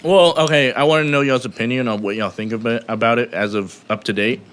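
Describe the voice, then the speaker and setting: A man speaking as a podcast guest in casual chat, with a hesitant, halting way of talking. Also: medium pitch, fairly bright tone, clear, resonant tone.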